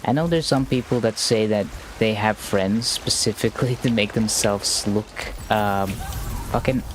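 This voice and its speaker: A man streaming a game live, chatting in a slow, monotone, rambling way with many restarts. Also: fairly low pitch, slight background noise. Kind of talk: casual live-stream chat while gaming.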